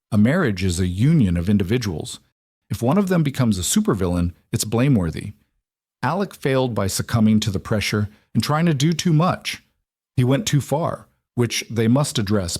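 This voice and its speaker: A man narrating a novel as an audiobook, in measured storytelling with varied intonation on a close studio mic. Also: fairly low pitch, a little mellow, no room sound. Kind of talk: scripted narration.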